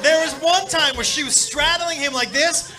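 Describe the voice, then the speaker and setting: Brash high-voiced male stand-up comic. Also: normal speed. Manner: brash, profane, building to shouted punchlines. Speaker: stand-up comedian. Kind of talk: stand-up storytelling. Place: comedy stage before a live audience. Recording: clip played back, audience laughter and noise.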